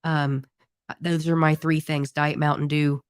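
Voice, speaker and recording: Unhurried and level in tone, a woman in her thirties speaks in a low, clear, resonant voice while co-hosting her band's podcast; she's also the band's singer. The chat is casual, friendly and rambling, and the recording is clean studio sound with no room noise.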